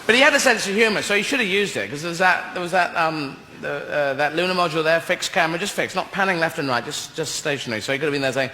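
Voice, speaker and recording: A man's voice: fairly high pitch, animated, fast talker, hardly any pauses. A man doing a rambling, sweary stand-up bit, giggling at his own jokes. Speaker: comedian. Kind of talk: stand-up routine. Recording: echoey venue with loud ambience.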